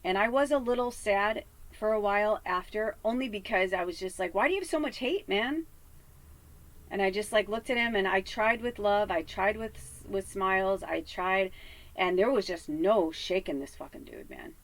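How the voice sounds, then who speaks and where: A woman's voice: medium pitch, normal speed, low-quality recording. A woman from Chicago, a psychic medium, telling a heated story in a casual vlog with lots of swearing and fillers. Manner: lots of fillers like "you know" and "like".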